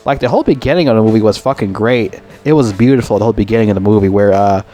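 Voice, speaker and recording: A man's voice: on the low side, rapid-fire, mellow, soft background music. Profane, rambling male movie reviewer. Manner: profane, rambling, exasperated complaining. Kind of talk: casual ranting movie review.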